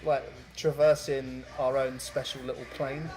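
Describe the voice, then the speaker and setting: A man's voice: medium pitch, flat delivery, a little slow, darkish tone, rough recording. A young man telling a story on a podcast in casual, rambling, sweary chat full of fillers. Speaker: podcast co-host.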